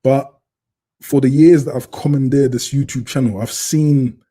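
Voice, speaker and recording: A man's voice: mid-range voice, steady tone, normal speed, mellow. A man hosting a casual livestream, chatting and reading out comments from viewers on a computer mic. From Britain. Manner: chatty, reads out chat comments. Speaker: livestream host. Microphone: computer webcam mic.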